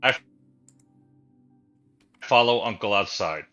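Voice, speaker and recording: A man playing in a tabletop game, making quick wisecracks. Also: lowish voice, pushed and bright, highs cut off, soft background music. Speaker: player. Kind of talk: casual tabletop play.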